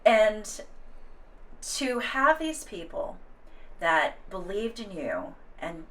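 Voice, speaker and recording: A woman hosts the podcast with a lively, swinging voice and warm sympathy that verges on tears. She sits a little back from the microphone, so her voice sounds slightly distant. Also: mid-range voice, very slow. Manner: warmly sympathetic, tearful. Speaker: podcast host. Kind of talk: interview conversation. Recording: voice a bit distant from the mic.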